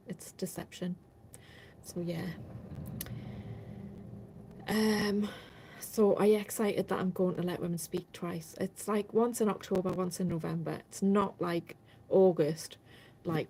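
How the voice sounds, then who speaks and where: A woman's voice: on the low side, gravelly, warm tone, low-quality recording. A woman hosting a casual live stream, chatting in a rambling way and answering viewer comments as they come in.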